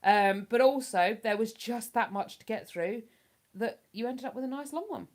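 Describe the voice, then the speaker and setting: Speaking at a moderate pace in a fairly high voice, this livestream host reads her viewers' comments out loud during a relaxed live chat. Her talk wanders, and she's often self-deprecating.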